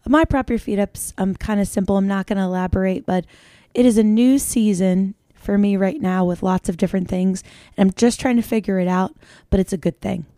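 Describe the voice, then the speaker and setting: A woman co-hosting a podcast in casual chat, cheerful and gushing, her voice squeaky and strained. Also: brisk, dark tone, dry recording, clean studio sound. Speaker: co-host.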